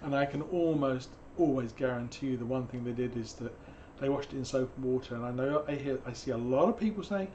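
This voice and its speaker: A hoarse man, teaching painting on a live stream in a chatty, digressive way with jokey asides. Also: medium pitch, brisk, few pauses, a little mellow, lo-fi sound, slight background noise. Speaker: painting instructor.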